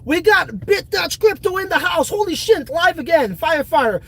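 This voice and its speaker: A man's voice: very high-pitched, animated, normal speed, fairly bright tone, low-quality recording. A man hosting a livestream and chatting casually with his viewers. He talks bluntly and swears freely. He often slips into fired-up rants. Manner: blunt, profane, fired-up ranting. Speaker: livestream host.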